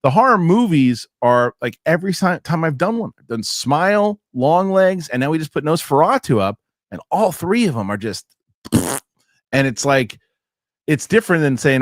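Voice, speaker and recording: A man hosting a casual podcast chat, telling lively anecdotes and acting out what other people said. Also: a little high, normal speed, no room sound, studio quality. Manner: animated storyteller acting out quotes. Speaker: podcast host.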